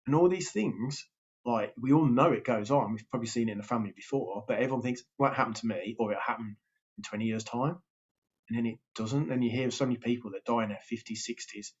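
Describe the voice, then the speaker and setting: A man, a health and weight loss coach, talking casually and checking in with his listeners as he goes. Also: mid-range voice. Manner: chatty, keeps checking in with "yeah?". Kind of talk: casual motivational talk to camera. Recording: slightly dull lo-fi sound.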